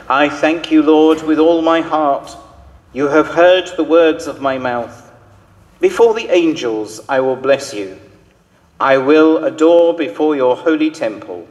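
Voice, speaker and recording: Slow solemn male lector in church. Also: fairly high pitch, a little mellow. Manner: measured, solemn reading. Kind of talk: liturgical scripture reading. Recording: reverberant church hall.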